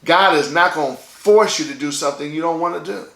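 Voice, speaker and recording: A man's voice: fairly high pitch, fairly quick, vocal fry, fairly bright tone, roomy sound. A man delivering a sermon as pastor, in a conversational style, checking in with his listeners by asking "okay?" again and again.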